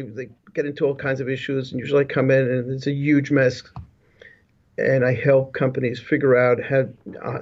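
A man telling his life story as an interview guest over a remote video call, rambling with frequent restarts and asides. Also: medium pitch. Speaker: guest, business leadership consultant. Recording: dull lo-fi call audio.

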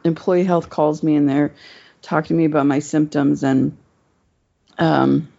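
Gravelly woman telling a rambling story. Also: low voice, fairly even intonation, unhurried, mellow. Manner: rambling, profane, many fillers. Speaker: guest telling a personal story. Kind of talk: casual storytelling chat. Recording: dull lo-fi recording.

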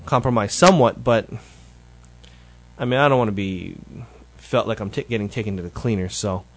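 A man's voice: lowish voice, normal speed. A man hosting his show, giving a casual, rambling update that is full of self-corrections. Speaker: show host.

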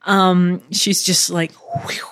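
A woman's voice: lowish voice, flat delivery, very slow, a bit bright, no echo. Rambling woman host in dry, close sound. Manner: rambling, filler-heavy, swears freely. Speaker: podcast host and voice actor. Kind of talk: casual solo podcast chat. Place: living room at home.

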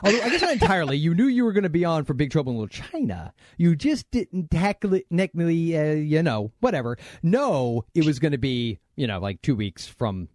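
Guy hosting a podcast, kinda high lively voice, jokey and rambly, dry sound. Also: fairly quick, hardly any pauses, dry recording. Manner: joking, rambling, teasing. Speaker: podcast host. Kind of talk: casual podcast banter.

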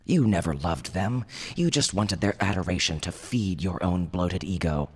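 A man's voice: low-pitched, expressive, normal speed, slightly rough. A man voicing a haughty cosmic being made of coppery bubbles, with a hissing metallic timbre and a condescending manner. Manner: aloof, condescending.

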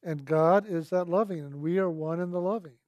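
A man shares a spiritual testimony in a gentle, earnest storytelling voice. He often lingers on and repeats his key words. His voice sits somewhat high, and it is recorded close up in a dry space with no room echo. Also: a little fast. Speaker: speaker sharing a personal testimony.

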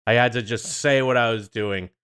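A man's voice: medium pitch, fairly even intonation, normal speed, fairly bright tone, clear, resonant tone. A man co-hosting a TV podcast in laid-back, joking casual chat. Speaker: podcast co-host.

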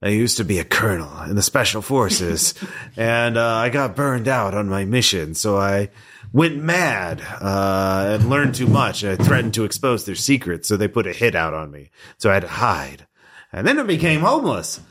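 A man's voice: fairly low pitch, very animated, normal speed, a bit bright. A man voicing a scruffy, filthy hermit squatter who rambles, grumbles and is easily annoyed. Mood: rambling.

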